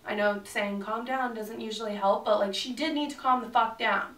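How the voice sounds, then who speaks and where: A woman's voice: on the high side, moderate pace, hardly any pauses, distant mic. A young woman telling a storytime vlog in a chatty way, swearing often and acting out what people said. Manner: chatty, swears a lot, animated retelling. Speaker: beauty vlogger. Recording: roomy echo, voice a bit off-mic.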